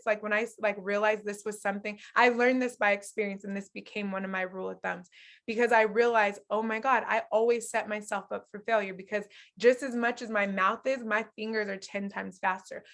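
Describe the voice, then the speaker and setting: A young adult woman teaching a relationship masterclass, candid and animated, laughing often as she coaches couples. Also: on the high side.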